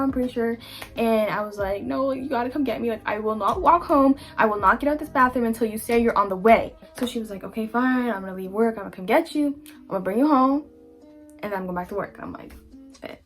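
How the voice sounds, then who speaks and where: A young woman tells a storytime to her viewers in a candid, chatty way, filling her talk with "like" and acted-out quotes. Her pitch sits in a middle range for a woman. Soft music plays faintly behind her. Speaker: vlogger. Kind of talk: casual storytime.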